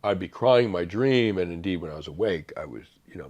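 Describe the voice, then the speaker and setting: A middle-aged man speaking as an interview guest, thoughtful and halting, with many fillers and restarts. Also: sits low, lively intonation, darkish tone. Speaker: author guest. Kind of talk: reflective interview conversation.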